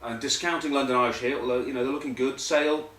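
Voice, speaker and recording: A man's voice: medium pitch, fairly even intonation, fast talker, sharp tone, far from the mic. A man hosting a comic rugby news monologue, rambling with jokey asides. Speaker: host. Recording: echoey room, voice off-mic.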